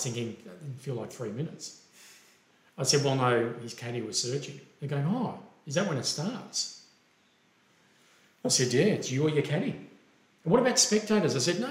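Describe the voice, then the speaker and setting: A man's voice: medium pitch, echoey room, low-quality recording. A man with an Australian accent, a golf referee and podcast co-host, telling a story in casual chat and acting out the quoted lines. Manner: animated, acts out quoted dialogue.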